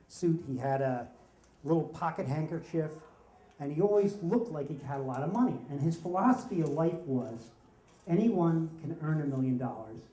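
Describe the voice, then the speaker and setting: A man with a somewhat high but mellow, dark-toned voice tells a wry story from his family life at a live story slam. He acts out the people he quotes with lively energy. His voice carries the echo of a roomy hall. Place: stage in a room with an audience.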